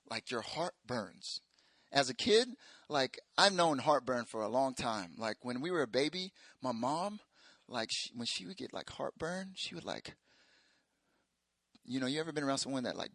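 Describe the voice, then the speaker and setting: A young man preaches in a loose, joking storytelling way, jumping into squeaky voices whenever he quotes someone. His tone is bright and forceful. The recording is close and dry, with no room sound. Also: dry recording. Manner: animated, jokey, acts out quotes in high voices. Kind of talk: sermon storytelling.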